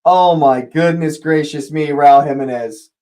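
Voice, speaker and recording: A man hosting a live fan watch-along, calling the match as it happens and shouting at the big moments. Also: a little high, a little slow.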